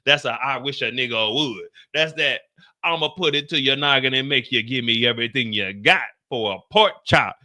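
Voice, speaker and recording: A man voicing a tough woman gangster, bragging in low, boastful street talk. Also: normal speed, bright, forceful tone. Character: tough swaggering woman gangster bragging about her gun.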